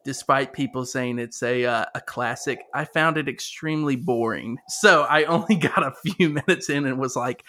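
Bright, laughing man in casual chat. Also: medium pitch, normal speed, hardly any pauses. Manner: laughs often, animated storytelling.

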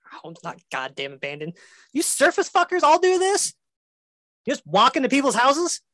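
Woman plays crude hoarding dragon, profane, belligerent, pitched way up. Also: wildly swooping pitch, moderate pace, fairly bright tone, no room sound, full character voice. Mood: indignant. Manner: profane, aggressive street slang. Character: crude ugly male dragon hoarding in a den.

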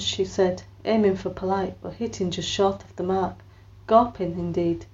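Narrating at normal speed in a mid-range voice, a woman gives the characters in her story their own voices and raises her pitch on quoted lines. It's scripted audiobook narration, and the recording's highs are cut off.

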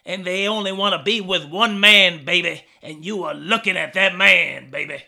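A man's voice: sits high, moderate pace, creaky, pitched above the performer's own voice, exaggerated voice. A man putting on a boastful, swaggering male pro wrestler persona with a put-on Southern drawl. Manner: bragging, loud promo-style bluster.

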